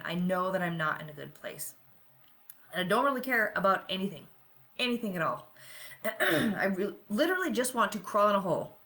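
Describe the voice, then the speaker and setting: A woman's voice: mid-range voice, a bit bright. Middle-aged woman, podcast host, candid, confessional, chatty asides. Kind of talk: personal podcast monologue.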